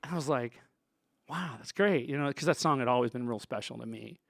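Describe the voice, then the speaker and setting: A man's voice: mid-range voice, fast, gravelly, no room sound, clean studio sound. A man, a sound engineer, telling stories from his work in a loose, rambling way full of asides. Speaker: sound engineer, show guest. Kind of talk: storytelling in a conversation.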